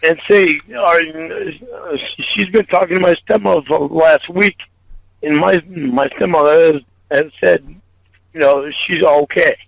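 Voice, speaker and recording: A man on a private phone call, holding back tears, halting and repeating himself and swearing often. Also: on the high side, vocal fry, dry recording. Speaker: caller.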